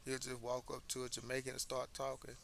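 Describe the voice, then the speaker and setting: Man, gravelly edge, bright tone, emphatic casual commentary, faint background hiss. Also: medium pitch, completely flat delivery, fairly quick. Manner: conversational, emphatic, repeats words when restarting. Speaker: commentary host. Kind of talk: casual social commentary monologue.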